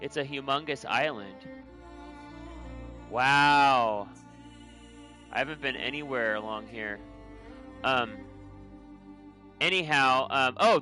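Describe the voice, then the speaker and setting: A man chatting excitedly to viewers while playing a video game. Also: mid-range voice. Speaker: game streamer. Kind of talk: casual gameplay commentary.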